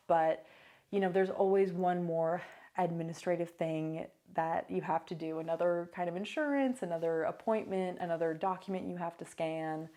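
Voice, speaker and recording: Chatty young woman vlogging, lowish voice. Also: darkish tone. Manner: chatty, many fillers and asides. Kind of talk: casual vlog talk. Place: new apartment.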